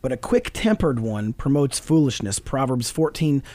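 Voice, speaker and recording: A middle-aged man talks about fatherhood on a Christian talk show, earnest, animated, and a bit preachy, frequently laughing and citing scripture. He has a medium pitch and moderate pace, and the recording is dry.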